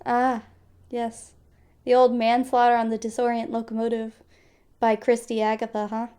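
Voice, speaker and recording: A reserved young man in a story game speaks slowly and formally, choosing each word with care, as a woman voices him. He keeps a quiet, courteous tone. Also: on the high side, monotone, clean tone, natural voice. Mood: calm polite. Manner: measured, formal.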